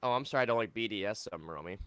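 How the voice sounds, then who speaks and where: Lively man chiming in with mockery. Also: fairly low pitch, very fast. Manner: chiming in, mocking. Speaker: podcast co-host. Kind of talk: casual group banter.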